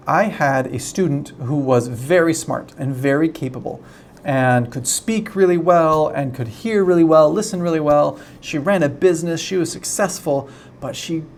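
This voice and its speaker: A man's voice: fairly high pitch, vocal fry, slight background noise. A young man teaching an online English lesson in a chatty way, often checking in with "right?".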